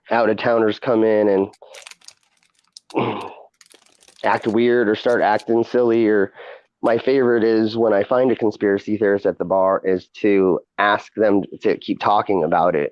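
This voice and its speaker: A man's voice: fairly low pitch, no echo, highs cut off. A man hosting a casual chat, rambling with many fillers and frequent laughs. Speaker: podcast host and streamer.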